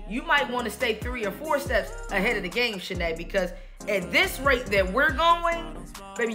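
A woman on a YouTube channel giving confrontational commentary, sassy and calling someone out, laughing in between. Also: a little high.

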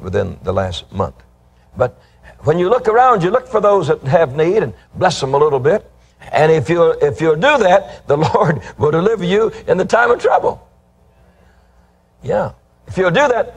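An older man preaching a sermon with emphatic, drawn-out delivery, reading scripture aloud. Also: mid-range voice, creaky, husky.

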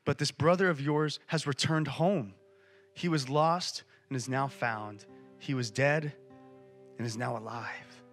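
A man's voice: mid-range voice, measured pace, fairly bright tone, faint music behind. A man preacher voicing a loving, forgiving older father who speaks tenderly to his sons. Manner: tender, pleading, welcoming.

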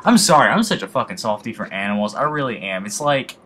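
A man's voice: on the low side, expressive, quick pace, a bit bright, slight background noise. A young man commenting casually on a video game he plays, emotional, rambling and swearing often, mocking himself. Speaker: let's play gamer.

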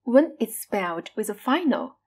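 A woman's voice: fairly high pitch, big pitch swings, moderate pace, darkish tone. A woman teaching Mandarin pronunciation, modeling each syllable with exaggerated tones in a scripted lesson.

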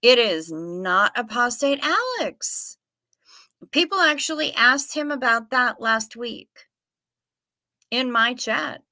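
A woman's voice: a little high, animated, takes it slowly, pushed and bright, no room sound. A woman with a Minnesota accent hosting a livestream, chatting casually and reading viewer comments aloud in a playful way. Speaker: livestream host.

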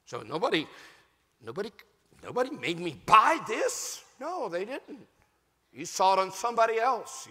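A pastor preaches with a fervent, emphatic delivery that climbs into shouts. He has a high, bright, forceful voice that swings widely in pitch. The sound carries the long reverb of a large church hall. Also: huge pitch swings, moderate pace, long pauses. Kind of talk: sermon.

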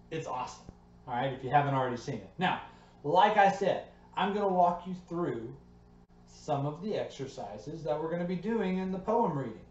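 A man coaching a home PE workout in his basement. He sounds upbeat and encouraging and ends most sentences with a quick "okay?" or "all right?". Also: fairly high pitch, darkish tone. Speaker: PE teacher. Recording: echoey basement, slightly dull sound.

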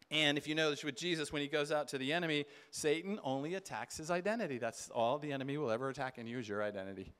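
A man's voice: mid-range voice, fairly bright tone, smooth. A man giving an emphatic sermon at a conference, acting out quoted voices in bursts. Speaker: conference speaker. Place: conference hall.

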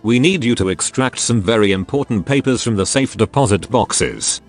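A man's voice: mid-range voice, moderate pace, faint music behind, natural voice. A synthetic male text-to-speech voice voicing a pudgy, greedy middle-aged Irish mob fixer. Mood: businesslike.

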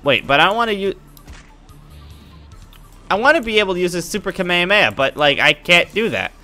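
A man giving goofy, excitable commentary while playing a video game. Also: high-pitched, a little fast, soft background music. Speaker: gaming YouTuber. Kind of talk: casual let's-play commentary.

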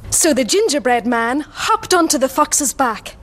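A woman telling a children's story aloud in a lively, expressive way for a young audience. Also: high-pitched, normal speed.

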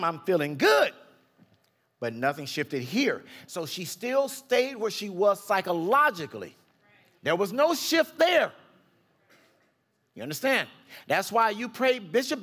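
Male pastor, fairly high pitch, chatty sermon delivery with acted-out quotes. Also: fairly bright tone. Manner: conversational preaching, acts out quotes with big pitch jumps.

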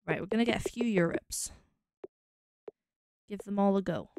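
A Scottish woman with a medium-pitched voice talks at normal speed while streaming a game, casually musing aloud as she tries combinations. There's slight background noise.

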